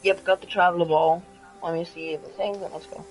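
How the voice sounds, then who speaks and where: A streamer chatting casually with friends during an online game, with a case of the hiccups and a playful, easily excited manner. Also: mid-range voice, a little fast, soft background music, rough recording. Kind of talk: casual gaming chat.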